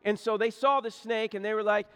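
High-voiced preacher in an echoey hall. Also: male voice, a little fast, smooth. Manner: folksy, animated storytelling, repeats words. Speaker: pastor. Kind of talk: sermon with storytelling.

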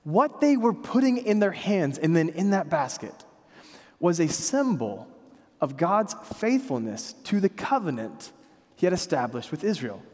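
A man's voice: a little high, very animated, a little slow, a little mellow. A man in his thirties preaching a sermon in a church, telling stories with self-deprecating humor in a conversational way. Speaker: pastor. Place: church sanctuary. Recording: long hall reverb.

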